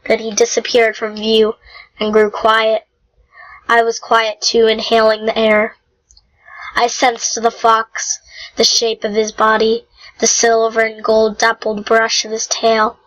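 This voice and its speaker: A woman reading a novel aloud in an unhurried, homemade style, with small slips and throat-clearing. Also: on the high side, completely flat delivery, a bit bright, low-quality recording. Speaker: reader. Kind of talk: amateur audiobook reading.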